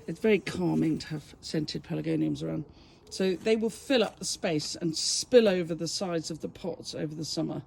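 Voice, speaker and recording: An English woman with a slightly gravelly, fry-tinged voice chats her way round her garden outdoors by the back door. She talks in a loose, rambling way, amused at her own asides, as a flower farmer showing off her pots. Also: low-pitched, normal speed, a little mellow, a little hiss or hum. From England. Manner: chatty, rambling, self-amused. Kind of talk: casual garden tour vlog.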